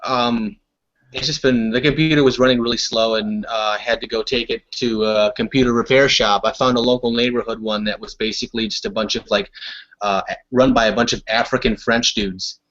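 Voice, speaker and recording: A man's voice: medium pitch, fairly even intonation, brisk, a bit bright. A young man telling a long story on a casual podcast chat, rambling with lots of restarts. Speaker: podcast guest. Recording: dull lo-fi audio.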